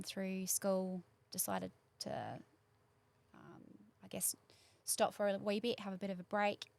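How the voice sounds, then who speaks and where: Woman, forties, New Zealand accent, chatty, rambling, lots of ums, mid-pitched. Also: vocal fry. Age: 40s. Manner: chatty, rambling with many fillers. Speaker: guest. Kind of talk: casual chat.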